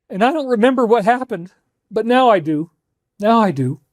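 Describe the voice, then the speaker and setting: A man's voice: high-pitched, expressive, brisk, dry recording, clean studio sound. A man giving an impassioned talk to viewers, stressing his points by repeating phrases. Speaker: speaker in archived clips.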